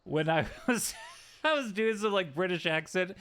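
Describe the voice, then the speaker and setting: A man's voice: high voice, animated, moderate pace, a bit bright, clear, resonant tone. A man streaming a video game, chatting casually in a joking way with sudden yelps and some swearing. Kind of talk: casual live-stream gameplay commentary.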